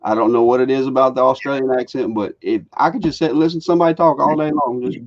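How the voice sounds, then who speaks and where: A man's voice: mid-range voice, fast, muffled recording. A man co-hosting a casual live-stream chat, telling stories and acting out the quotes. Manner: lively storyteller who acts out quotes.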